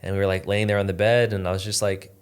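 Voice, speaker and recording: A man's voice: lowish voice, flat delivery, quick pace, clear, resonant tone. A man as a podcast guest, earnestly telling a personal story in a reflective, casual way, with lots of "like". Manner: earnest, reflective, uses "like" often.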